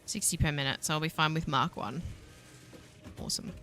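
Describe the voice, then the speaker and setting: Chatty Australian woman, lowish voice. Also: a little fast, pushed and bright, soft background music. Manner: thinks aloud while building, chatting to viewers; self-deprecating, laughs easily. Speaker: game streamer. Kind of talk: casual let's-play commentary. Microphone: desk mic, voice only without face cam.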